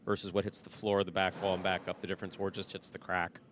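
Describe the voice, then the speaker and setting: Middle-aged male jai alai announcer, low-pitched, chatty, corrects himself as he goes. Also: little pitch movement, quick pace, background noise. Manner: chatty, explanatory, self-correcting. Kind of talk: broadcast commentary and chat.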